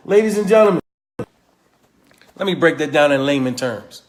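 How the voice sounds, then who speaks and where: A man giving an excited sales pitch on a livestream, reading articles aloud and calling out to his viewers. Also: measured pace, echoey room. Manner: animated, repetitive, calls out to viewers. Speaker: crypto promoter on a livestream. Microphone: phone or webcam on a live stream.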